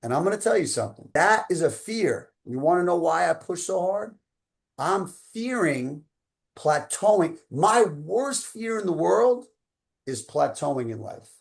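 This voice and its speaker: A man's voice: high voice, sing-song, measured pace, vocal fry. A man in his fifties, a coach telling a motivational story with emphatic, casual phrasing. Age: 50s. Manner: emphatic, casual slang such as man and dude.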